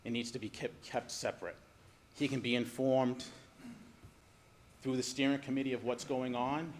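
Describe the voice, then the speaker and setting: A man's voice: medium pitch, little pitch movement, moderate pace. A man, giving firm, advising public comment at a city council meeting, with faint room noise. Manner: firm, advising, then softly caring. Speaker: resident speaking at public comment.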